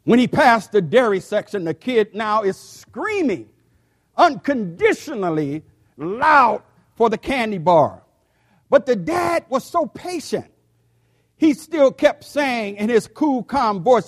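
An older man in his sixties preaching a sermon to a church, speaking slowly and deliberately and sometimes repeating words. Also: extremely high pitch, big pitch swings. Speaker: pastor.

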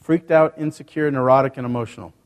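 A man's voice: mid-range voice, steady tone, fast, smooth. Man preaching in a reverberant church. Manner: conversational preaching with rhetorical questions. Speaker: pastor. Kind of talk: sermon. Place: church sanctuary.

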